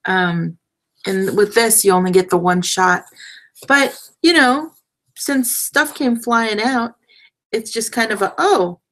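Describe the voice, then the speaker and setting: A woman's voice: mid-range voice, slow pace, a bit bright, rough recording. A young adult woman hosting a casual crafting livestream, chatty and self-deprecating, trailing off mid-sentence as she works with her hands.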